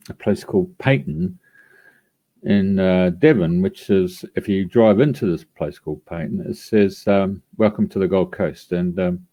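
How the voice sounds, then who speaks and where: A man's voice: low voice, dark tone. A man hosting a live radio show, introducing a guest in a rambling way with many fillers. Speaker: radio host.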